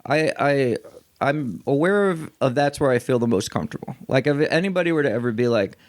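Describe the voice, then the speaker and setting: Chicago-area actor guy chatting on a podcast, pokes fun at himself, laughs constantly, average pitch. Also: animated, fairly quick. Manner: self-deprecating, laughs often. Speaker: actor and improviser, podcast guest. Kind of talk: casual chat.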